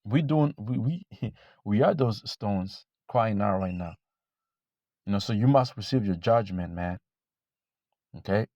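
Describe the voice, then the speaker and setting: A man preaching informally to camera, blunt and profane, repeating himself and reading scripture slowly. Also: lowish voice, a little mellow, no echo, muffled recording. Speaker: religious teacher.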